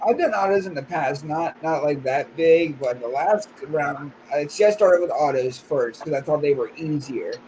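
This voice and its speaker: A man's voice: fairly high pitch, moderate pace, few pauses, a little mellow, a little hiss or hum, poor audio. A man in a casual chat, talkative and self-deprecating, giving growing advice.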